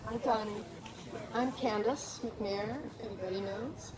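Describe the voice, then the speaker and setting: A woman telling a lively personal story at a memorial gathering, acting out the people she quotes. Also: medium pitch, unhurried, heavy background noise. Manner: animated, acts out quoted voices. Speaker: memorial speaker.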